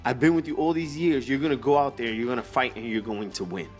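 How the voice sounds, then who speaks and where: A man retelling a scene, voicing a gruff old male boxing trainer who urgently pushes his fighter on. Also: medium pitch, quick pace, faint music behind, close to an everyday voice. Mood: insistent.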